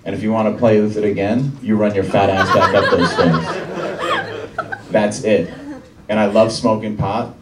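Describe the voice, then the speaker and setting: A young man doing a stand-up routine in a comedy club, with deadpan, dry one-liners. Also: lowish voice. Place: comedy club with live audience. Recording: roomy club sound from a distant mic, crowd laughter.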